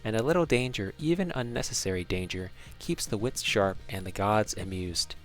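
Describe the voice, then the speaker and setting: A man's voice: on the low side, moderate pace, faint music behind, close to an everyday voice. A man doing a cocky, teasing rogue. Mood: wry. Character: cocky roguish young man, playful.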